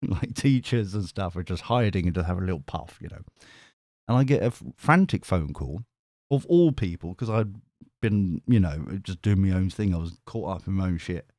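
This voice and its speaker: A man's voice: low voice, lively intonation, moderate pace, warm tone, no room sound, studio quality. A middle-aged man telling a rambling story on a live stream, full of restarts and casual swearing. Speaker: tarot reader and live streamer.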